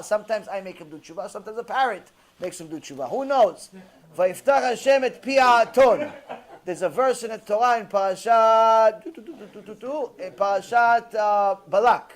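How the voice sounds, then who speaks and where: A rabbi giving a lecture, telling a story in a lively storytelling manner and mixing in Hebrew terms. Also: male voice, sits high, moderate pace.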